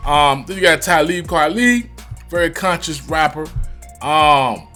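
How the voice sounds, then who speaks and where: A man's voice: on the high side, unhurried, pushed and bright, faint music behind. A man with a Virginia accent giving loose, slangy reaction commentary, swearing freely. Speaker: reaction youtuber.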